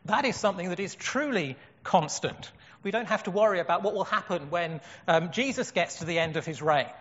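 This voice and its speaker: A man's voice: high voice, animated, brisk, a bit bright. A man preaching a sermon in an earnest way, asking rhetorical questions. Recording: dull echoey hall.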